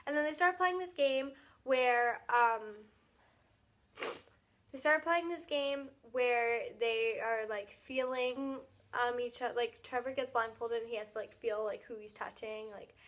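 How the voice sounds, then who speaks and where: A teenage girl vlogger excitedly recapping her day, talking fast and filling every pause with "like". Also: fairly high pitch. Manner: gushing, fast, filler-heavy with lots of "like".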